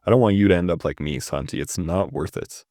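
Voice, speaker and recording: A man's voice: low voice, fairly quick, darkish tone, no echo, clean studio sound, lightly acted. A man reading the lines of a blunt man who did prison time, refusing to lend money. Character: firm man, ex-convict friend, stern.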